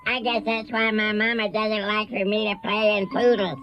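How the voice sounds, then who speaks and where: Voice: mid-range voice, little pitch movement, normal speed, fairly bright tone, slight background noise, close to an everyday voice. A performer voicing a naive little cartoon child who is puzzled by grown-up sayings. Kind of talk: cartoon voice acting.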